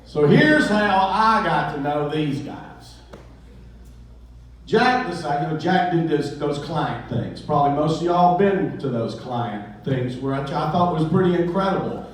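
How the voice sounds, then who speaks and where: A man who owns a comedy club, telling stories and jokes at a memorial in a rambling, halting way full of restarts. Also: a little high, animated, a little hiss or hum. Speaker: comedy club owner giving a eulogy. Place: memorial gathering hall. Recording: roomy echo, speaker far from the mic.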